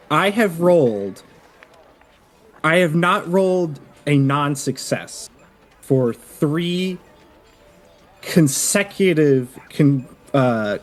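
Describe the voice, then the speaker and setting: Slow, pointed man boasting at the game table. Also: fairly high pitch. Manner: pointed, boastful about his dice rolls. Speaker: player. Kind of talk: casual game table chat.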